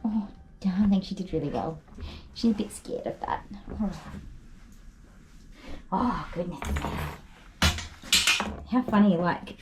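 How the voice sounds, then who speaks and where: A woman's voice: medium pitch, slow pace, long pauses, darkish tone, slight background noise. A woman dog groomer chatting on a live stream from her grooming salon, cooing over a tiny dog and sometimes dropping to a whisper.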